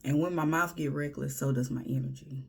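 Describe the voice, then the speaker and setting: Gravelly-voiced woman, blunt and sassy. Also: low voice, fairly even intonation, a little fast. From Houston, Texas. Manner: blunt, sassy, often drops to a whisper. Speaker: vlogger. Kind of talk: casual advice monologue.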